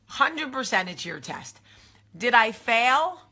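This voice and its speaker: A woman's voice: fairly high pitch, sing-song, slow, pushed and bright, husky. A woman with a New Jersey accent hosting a casual chat to camera. She talks in a confiding way and keeps drifting into asides. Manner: chatty and confiding, trailing off into asides. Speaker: host.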